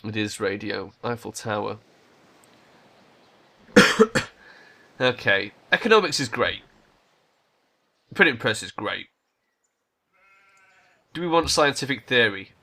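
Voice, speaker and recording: A man's voice: lowish voice, big pitch swings, slow pace, vocal fry, pauses often, pushed and bright. A man hosting a strategy game let's play, casually thinking aloud and swearing now and then. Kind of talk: gameplay commentary.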